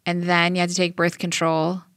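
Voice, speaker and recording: A woman's voice: fairly low pitch, completely flat delivery, brisk, a bit bright, smooth, no room sound, studio quality. A woman interviewer who sums up the story before asking probing follow-up questions. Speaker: interviewer host.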